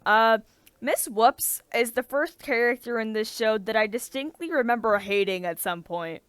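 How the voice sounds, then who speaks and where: Brief: young woman, casual co-host, slightly high voice, dry close recording, rambling enthusiasm. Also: normal speed, clean tone, no room sound. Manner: rambling, filler-heavy, enthusiastic. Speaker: podcast co-host. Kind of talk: casual chat.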